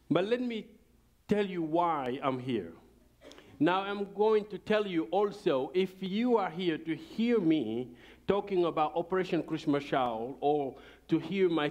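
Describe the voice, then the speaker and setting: Slow, fervent man preaching. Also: a little high. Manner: fervent, preaching cadence with grammar slips. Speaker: guest speaker. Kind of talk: church testimony. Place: church sanctuary.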